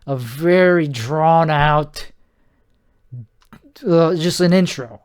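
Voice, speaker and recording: A man's voice: fairly high pitch, extremely slow, smooth. A tired man rambling on his solo podcast at home, meandering, self-deprecating and often trailing off mid-sentence. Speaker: podcast host.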